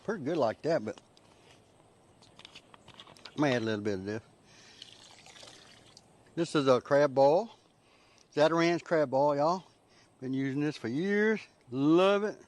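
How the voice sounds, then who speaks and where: A man's voice: a little high, animated, unhurried, pauses often, darkish tone, a little hiss or hum. Folksy man cooking outdoors. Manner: folksy, chatty, talks to viewers as "y'all". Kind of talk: casual cooking video narration.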